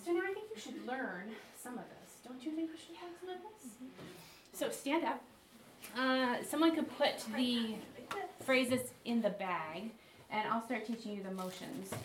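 A woman teaching a workshop group, chanting rhythmic phrases and showing the motions. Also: fairly high pitch. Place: classroom with participants. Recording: echoey room, mic from far off, loud noise.

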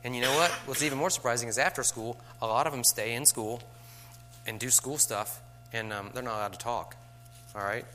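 A man's voice: mid-range voice, brisk, noisy background. A middle-aged man, a teacher, talking to fellow teachers in a conversational way, with rhetorical asides and light chuckles.

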